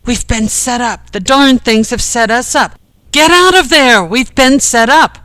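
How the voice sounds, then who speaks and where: A narrator voicing Ken, a flustered man who drives a laundry van, speaking in a raised, excited voice. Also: medium pitch, measured pace, clean tone, no room sound, lightly acted. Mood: alarmed. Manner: excitable, shouting in alarm. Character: flustered male van driver, ordinary bloke.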